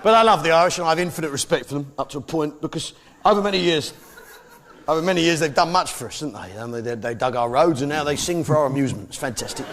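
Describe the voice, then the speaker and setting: A man's voice: a little high, lively intonation, fast talker, a bit bright. An English man doing live stand-up comedy in a brash, blustering way, full of tag questions. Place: theatre stage before a live audience. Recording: live show with crowd laughter and noise.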